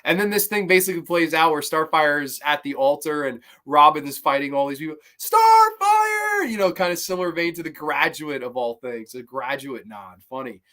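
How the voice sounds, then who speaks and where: A young man hosting a casual review show, talking in a rambling, animated way with many restarts and sudden jumps in emphasis. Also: on the high side, fairly quick, few pauses. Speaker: host of a cartoon review show. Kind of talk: casual spoken episode review.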